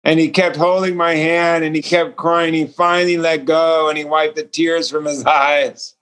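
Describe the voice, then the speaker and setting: A man's voice: on the high side, little pitch movement, normal speed, fairly bright tone, clean tone. A male author and speaker telling a personal story as a guest over a remote call, earnest and acting out the dialogue. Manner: earnest, acts out quoted dialogue. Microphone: remote call connection.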